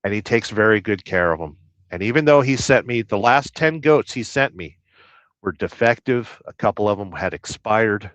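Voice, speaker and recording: A man from Southern California hosting a casual trucking livestream. He reads viewer comments aloud and rambles through deadpan, absurd jokes. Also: on the low side, normal speed, dry recording. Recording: dry, slightly dull lo-fi sound.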